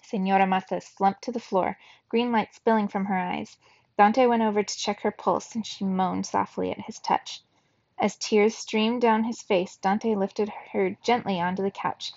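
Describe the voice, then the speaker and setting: A woman reading a children's novel aloud for a book club, telling the story in a steady, expressive way. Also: mid-range voice, normal speed, dry recording, lo-fi sound.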